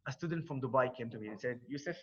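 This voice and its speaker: A man's voice: medium pitch, rapid-fire, slightly rough. A man with an Arabic accent talking earnestly to a group, often repeating words as he searches for them. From Israel. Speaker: speaker on a conference call. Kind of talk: informal talk to a group. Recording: dull lo-fi call audio.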